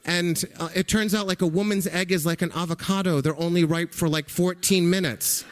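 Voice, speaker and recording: A man's voice: high voice, steady tone, normal speed. A middle-aged man telling a first-person story live on stage into a microphone, with conversational delivery and dry comic timing. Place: music hall stage before a live audience.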